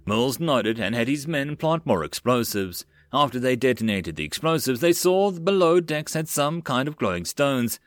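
A man narrating a web novel as an audiobook, steady storytelling. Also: mid-range voice, normal speed, few pauses, no echo.

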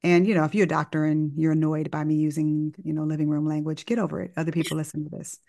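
A woman doctor telling a story in casual conversation, with informal wording and lively acted-out dialogue. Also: deep voice, fast, vocal fry. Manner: animated, acts out dialogue in the story.

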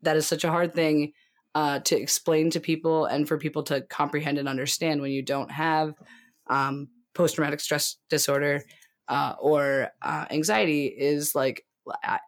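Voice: mid-range voice, level tone, moderate pace. Anxious rambling podcast co-host, nervous laughs, self-interrupting, remote call audio. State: anxious and sweaty. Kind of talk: casual chat over a remote call.

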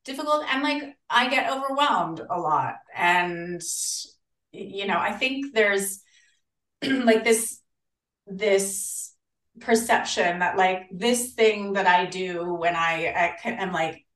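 An animated Australian woman talks as a podcast guest and slips into the voices of people she quotes. Her voice is mid-pitched and sounds roomy. It comes from a little way back from the microphone. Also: slow pace. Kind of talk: casual interview chat. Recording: roomy, distant from the mic.

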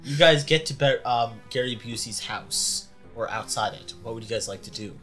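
A man's voice: medium pitch, normal speed, a bit bright, soft background music. Man narrating a loose tabletop game. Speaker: game master.

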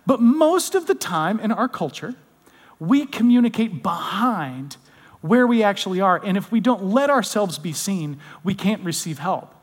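Guy with a high voice giving a sermon, chatty, goes soft and quiet a lot, long hall echo. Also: very animated, measured pace, breathy edge. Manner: conversational, drops to soft intimate tones when quoting comfort. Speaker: pastor.

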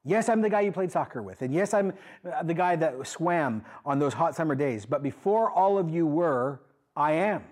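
A pastor voicing Jesus answering his old friends, firm and insistent, with a husky voice. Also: on the high side, animated, normal speed, darkish tone.

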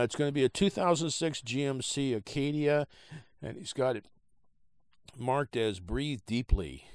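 A man hosting a podcast, reading a trade article aloud in a halting, casual way with many fillers, and he has the hiccups. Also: fairly low pitch, smooth, dry recording. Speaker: podcast host.

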